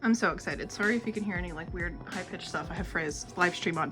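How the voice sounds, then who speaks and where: A woman chatting casually about books in a home vlog, talkative and quick to laugh. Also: fairly low pitch, pushed and bright, soft background music. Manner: chatty, laughs often, frequent "like". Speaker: book vlogger. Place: home, on the couch.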